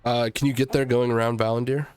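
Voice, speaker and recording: A man running a tabletop game as game master, describing the action in a halting way with many ums and restarts. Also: mid-range voice, little pitch movement, darkish tone.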